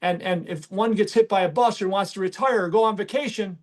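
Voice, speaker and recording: A man's voice: high-pitched, a little fast. A middle-aged man, hosting a casual podcast and talking emphatically with many restarts. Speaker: podcast host and business owner.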